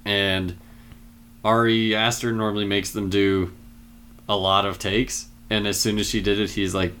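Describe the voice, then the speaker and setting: A man with a fairly low voice talks through a movie's scenes in a relaxed, rambling way. He leans on fillers as he retells each moment. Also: measured pace, slight background noise. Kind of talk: casual film discussion.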